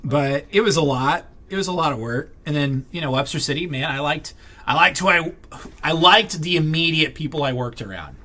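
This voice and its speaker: Bright-voiced man venting in a rambling vlog. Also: fairly high pitch, animated, moderate pace. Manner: rambling, many fillers and restarts; irritated, blunt, swears. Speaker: vlogger. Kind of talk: casual venting to camera.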